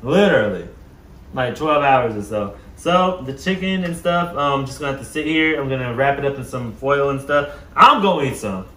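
A man's voice: mid-range voice, normal speed, a bit bright, reverberant. A young man vlogging his cooking at home, playful and chatty, talking straight to his viewers and laughing often. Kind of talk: casual cooking vlog. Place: home kitchen.

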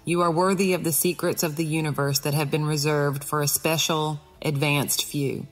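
A woman's voice: low-pitched, little pitch movement, moderate pace, long reverb tail, faint music behind. A woman voicing a snobbish, lofty female tulip flower who talks haughtily in a storybook. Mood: haughty.

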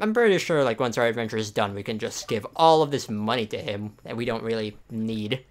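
Relaxed man commenting on gameplay. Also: mid-range voice. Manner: relaxed, rambling, self-correcting. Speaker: let's play host. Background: game music.

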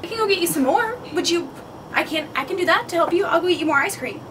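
A woman acting in a web series who delivers her lines slowly and giggles between blooper takes. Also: extremely high pitch, animated, far from the mic, background noise. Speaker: webseries actor.

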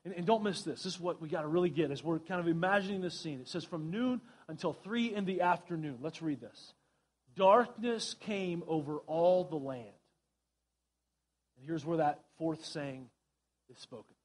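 A pastor preaching a sermon in a church, talking earnestly with frequent restarts and reading scripture aloud. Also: male voice, a little high, brisk. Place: church sanctuary.

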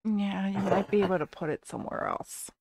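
A woman co-hosts a relaxed podcast from a home studio. She laughs easily and mostly answers in quick, short bits. Her pitch sits in the middle, and the recording is dry and close with no echo. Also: vocal fry. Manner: giggly, brief replies. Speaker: podcast co-host. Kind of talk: casual chat.

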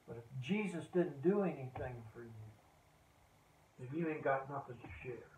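A pastor preaching a sermon to his congregation, fervent and rising to loud exhortation. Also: mid-range voice, a little fast, slight background noise. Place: church sanctuary. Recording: roomy phone-like live stream from far off.

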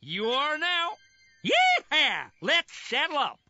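A man's voice: high voice, sing-song, unhurried, sharp tone, highs cut off, slight background noise, exaggerated voice. A man voicing a boastful, drawling old-west marshal in a cartoon, full of folksy cowboy slang. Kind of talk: cartoon voice acting.

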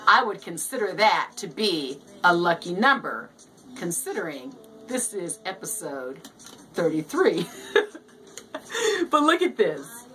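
A woman hosts her own casual show in a high, bright voice. She is giddy and playful, stretches her words out slowly and repeats them for fun. Faint music plays behind her. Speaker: show host. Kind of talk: casual solo show hosting.

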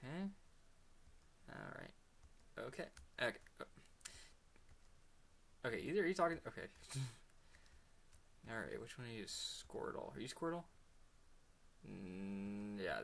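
A man giving excitable let's play commentary, laughing often and slipping into whispered asides. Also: fairly low pitch, takes it slowly, creaky, pauses often, slight background noise. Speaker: gamer.

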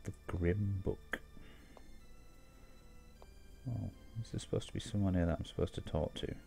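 A man's voice: low-pitched, steady tone, fast talker, gravelly, warm tone, faint music behind. A man hosting a casual let's-play, making dry, wry asides as he explores and reads game text. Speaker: gaming channel host.

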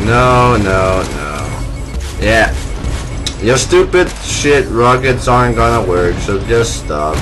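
A young man giving excitable, casual commentary while playing a shooter game, yelling and laughing often. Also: mid-range voice. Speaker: gameplay commentator. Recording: noisy game sounds behind. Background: game vehicle and battle noise.

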